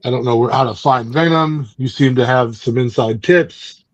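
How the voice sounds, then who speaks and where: A man's voice: medium pitch, normal speed, no room sound, close to an everyday voice. Man doing cocky young hero, blunt, offhand, dry muffled sound.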